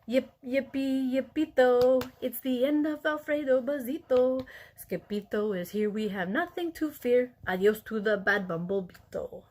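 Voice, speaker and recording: A woman's voice: high-pitched, animated, moderate pace, few pauses, darkish tone, slightly rough, voice pushed up. A woman reading aloud, voicing Don Diego, the biggest of a band of small Chihuahuas, who growls and speaks solemnly. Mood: gruff solemn.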